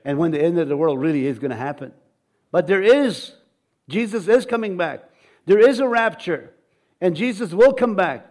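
A man's voice: sits high, darkish tone. A man preaching an informal, rambling sermon, often asking his congregation questions.

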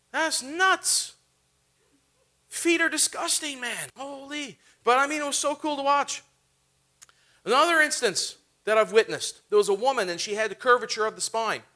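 Bright, animated young man preaching. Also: sits high. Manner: animated storytelling, acts out his own reactions. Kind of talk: sermon with personal stories.

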